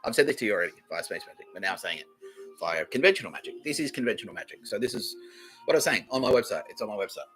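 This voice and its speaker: A man's voice: on the low side, big pitch swings, racing, a bit bright, soft background music, rough recording. A man with an Australian accent hosting a solo comedy podcast, rambling in a profane, boastful way and laughing at his own jokes. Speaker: podcast host.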